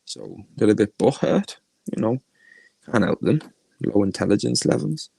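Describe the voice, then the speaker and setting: A man's voice: lowish voice, animated, normal speed, creaky, dark tone, breathy edge, no echo, rough recording. A man with a Liverpool accent hosting a livestream, ranting crudely and mockingly, laughing often. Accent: Liverpool (Scouse). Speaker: livestream host.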